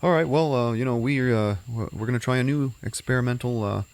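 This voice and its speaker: A man acting out a male doctor who sounds flustered and is pitched higher than his own voice. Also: fast talker, a little mellow, dry recording, lightly acted. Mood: brisk. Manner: flustered, rising into panic. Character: panicking male doctor running a treatment.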